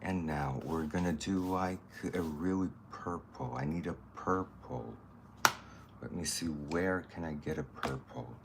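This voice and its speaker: A man's voice: very deep voice, unhurried, background noise. A man chatting casually while doing a makeup tutorial, thinking aloud as he works and greeting viewers. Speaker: makeup artist.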